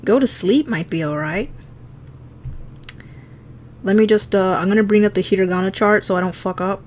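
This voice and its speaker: A woman's voice: medium pitch, moderate pace, a little mellow, slight background noise. A woman streaming herself drawing, chatting casually, laughing often and swearing freely as she teases herself. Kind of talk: casual chat while drawing.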